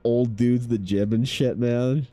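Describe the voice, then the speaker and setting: A man in his thirties chatting casually while streaming his art, laid-back, swearing freely and mimicking people in a higher voice. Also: steady tone, unhurried, warm tone, no echo, soft background music. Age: 30s. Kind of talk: casual chat with chat.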